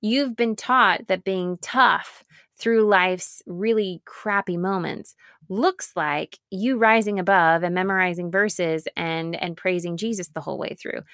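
A woman pastor and speaker giving an earnest, reflective talk, stressing repeated phrases with slow pauses. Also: lowish voice, a bit bright, no room sound, clean studio sound. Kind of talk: reflective spoken talk on grief.

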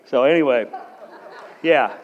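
A police officer in his forties speaks as a guest at a large church hall, giving a blunt, no-nonsense, self-deprecating talk full of jokes and personal stories. His medium-pitched voice is slow, and the echoey recording has long reverb, cut-off highs and a faint crowd.

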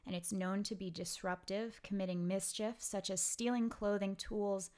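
A woman's voice: medium pitch, fairly even intonation, moderate pace, a little mellow. A woman from Brooklyn co-hosting a podcast in casual chat, rambling with lots of "like" and the odd curse word. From Brooklyn, New York. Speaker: podcast co-host.

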